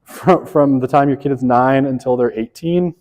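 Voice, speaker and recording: A middle-aged college sociology instructor gives a casual classroom lecture in a medium-pitched, darkish voice at a moderate pace. He speaks conversationally, peppering his talk with "right?" and correcting himself with wry asides, while the lecture hall adds long reverb.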